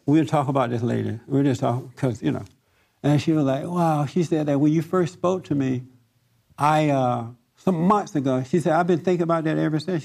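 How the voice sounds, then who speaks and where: A man leading a group talk, telling a story in a lively way and laughing often. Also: on the high side, gravelly. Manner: animated, laughs often, acts out other voices. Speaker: discussion group leader.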